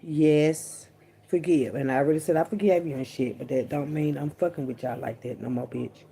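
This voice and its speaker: A woman's voice: low-pitched, fairly even intonation, normal speed, vocal fry, warm tone. A woman vlogger talking straight to her audience in a casual, profane, rambling monologue, stretching words out for emphasis and throwing in frequent asides.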